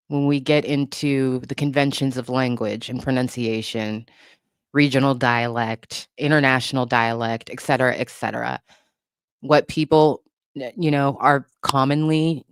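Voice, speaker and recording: A woman's voice: extremely low pitch, a little slow, no room sound. Sassy woman in her forties, dry sound. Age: 40s. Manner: sassy, laughs often, mocks critics. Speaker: livestream host. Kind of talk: casual livestream chat.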